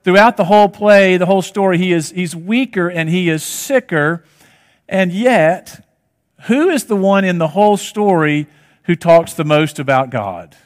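A man's voice: high voice, expressive, a little slow. A man preaching a sermon, telling a story and asking rhetorical questions, in a reverberant hall. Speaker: pastor.

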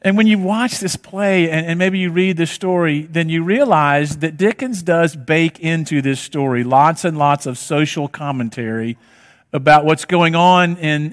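A man preaching a sermon, telling a story and asking rhetorical questions, in a reverberant hall. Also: fairly high pitch. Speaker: pastor.

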